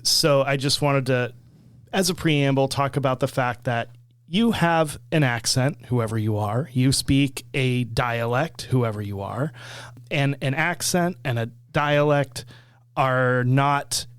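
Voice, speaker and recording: Smooth-voiced man explaining on a podcast. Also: medium pitch, no room sound. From Florida. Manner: measured, explanatory. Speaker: podcast co-host. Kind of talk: casual podcast chat.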